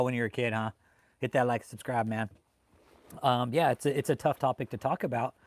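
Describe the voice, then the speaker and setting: A man hosting a livestream who rants heatedly, swears often and bursts out loudly as he talks to his chat. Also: medium pitch, no room sound. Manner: heated and swearing, with loud outbursts. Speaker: livestream host reading chat. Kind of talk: profane ranting live commentary.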